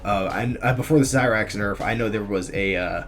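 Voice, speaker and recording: Laid-back man with a low voice. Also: fairly quick. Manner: relaxed, chatty, with frequent ums and restarts. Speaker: gaming YouTuber. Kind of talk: casual commentary on a fighting game tier list. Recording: faint music behind the voice.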